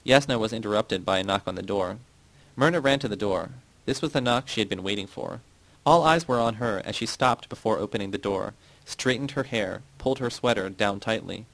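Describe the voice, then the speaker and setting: A man narrating a novel in a measured reading voice, giving the characters' quotes a light touch. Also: on the low side, creaky, fairly bright tone, low-quality recording. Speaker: audiobook narrator. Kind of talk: scripted narration.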